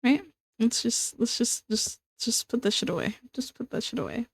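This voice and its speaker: A woman's voice: a little high, moderate pace, gravelly, slightly rough, no echo, studio quality. A young American woman chatting casually with her stream while drawing, rambling and repeating herself with self-mocking asides. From United States.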